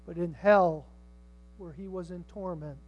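An older man preaching a sermon, swinging from hushed tones to shouts and acting out the people in his stories. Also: sits high, steady tone, a little slow, lo-fi sound. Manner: dramatic, swings from hushed to shouting, acts out voices.

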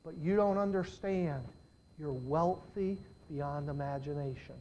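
An older man preaching a sermon as a pastor, swinging between hushed, intimate lines and loud, emphatic declarations. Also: on the high side, a little slow, dull audio, slight background noise.

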